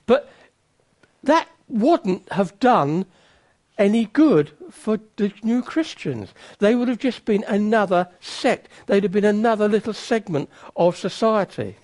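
A man's voice: high-pitched, lively intonation, a little slow, a little mellow. A man preaching a sermon in a conversational way, with teasing, self-mocking asides.

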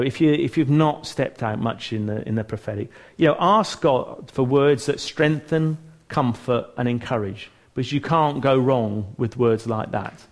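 A man of middling pitch delivers a relaxed church teaching talk. He speaks earnestly but conversationally, often restarting his sentences and slipping in self-mocking humour.

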